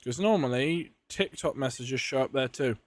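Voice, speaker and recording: A man's voice: medium pitch, normal speed, no room sound. A British man streaming a video game live, chatting casually with viewers, joking and swearing often as he laughs at himself.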